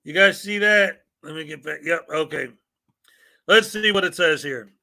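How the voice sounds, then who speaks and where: Male streamer, high and bright, jokey casual delivery, faint guitar bed. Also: moderate pace. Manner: joking, laughs often, reads mock legal paperwork aloud. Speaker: live stream host. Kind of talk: casual live stream chat.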